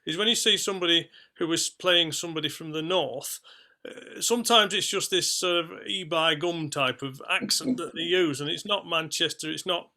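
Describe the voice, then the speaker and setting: A man's voice: a little high, moderate pace, pushed and bright. A man questions a guest on a video call, rambling and stopping to search for words. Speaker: association member asking a question.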